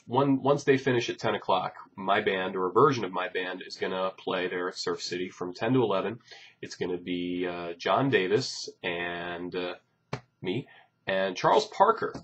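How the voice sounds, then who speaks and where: A man, a bassist, chatting casually to his followers about upcoming gigs, rambling and joking with many fillers. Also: a bit bright, slightly rough, highs cut off. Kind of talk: casual chat to camera.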